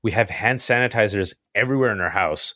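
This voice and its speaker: A man guest telling stories in an animated, joking way, talking in quick bursts with restarts. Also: fairly low pitch, dry recording, studio quality. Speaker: writer and guest. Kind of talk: casual storytelling interview.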